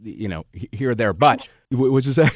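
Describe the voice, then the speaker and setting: A man's voice: medium pitch, animated, brisk, no echo. A man hosts a casual interview. He stumbles through his questions, restarting them as he goes, and laughs often. His voice sits in a dry, close recording. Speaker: host.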